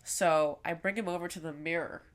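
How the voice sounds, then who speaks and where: A woman's voice: low voice, steady tone, fairly quick. A young woman co-hosting a podcast, telling a story in a chatty way, with lots of fillers and some swearing. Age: young adult. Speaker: podcast co-host. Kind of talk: casual chat.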